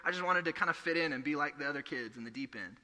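A man's voice: fairly high pitch, racing, bright, forceful tone. A young man preaching a sermon, earnest and conversational, telling stories from his own life. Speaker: pastor. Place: church hall. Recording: echoey hall.

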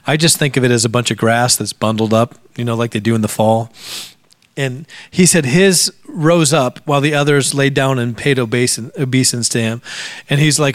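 A man's voice: medium pitch, steady tone, a little fast, no room sound, studio quality. A middle-aged man preaching a sermon, telling a personal testimony and growing emotional, sometimes dropping to a near-whisper. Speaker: pastor.

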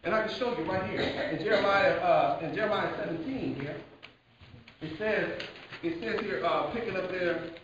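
A man preaches a lively, repetitive sermon and keeps addressing the congregation directly. His voice sits fairly high. The sound is dull and distant, with heavy echo and a faint hiss behind it. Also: normal speed. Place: church hall. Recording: echoey hall, distant mic, dull sound.

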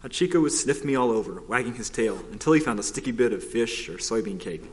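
A man narrating a children's story aloud, in a steady, expressive reading. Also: medium pitch, fast talker. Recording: long hall reverb.

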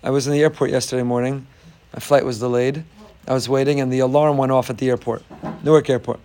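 A middle-aged man, a rabbi giving a Torah class, telling stories with animation and jumping high when acting out other people. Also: level tone, quick pace, darkish tone.

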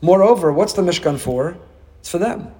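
A man, a rabbi giving a Torah class, animated and acting out dialogue with rhetorical questions. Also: sits high, moderate pace, slightly rough, big-room sound.

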